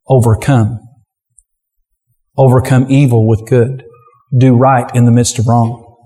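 A pastor preaching a sermon with forceful, repetitive exhortation. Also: male voice, mid-range voice, level tone, unhurried, pauses often, in a large hall.

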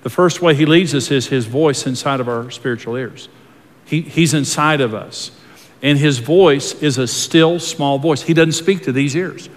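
A man's voice: fairly high pitch, moderate pace. A man pastor preaching a sermon in an earnest, folksy way, often repeating himself and restarting his words. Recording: long hall reverb.

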